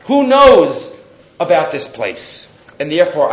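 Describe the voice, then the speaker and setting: A man with a high voice teaches a weekly Torah class, telling his stories with energy and acting out each quoted voice. The sound is dull and lo-fi, and it echoes around the room. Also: measured pace. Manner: animated storyteller who acts out quoted voices. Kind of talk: weekly Torah lesson with storytelling.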